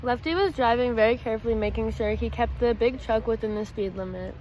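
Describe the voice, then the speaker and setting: Woman reader, casual storybook read-aloud, slightly high, traffic noise behind. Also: a little fast, darkish tone, low-quality recording. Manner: casual reading with slips. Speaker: student reader.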